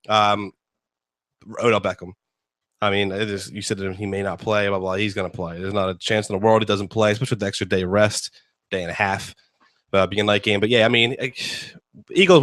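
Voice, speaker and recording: A man's voice: on the low side, fairly bright tone, no echo, clean studio sound. A man hosting a casual sports talk show, rambling and joking with lots of fillers. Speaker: host.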